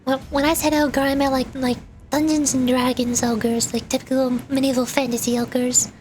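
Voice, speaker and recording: A woman's voice: high voice, little pitch movement, normal speed, darkish tone, a little hiss or hum. A young woman VTuber chatting casually and rambling between lines while voice acting a game, laughing often. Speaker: VTuber streamer.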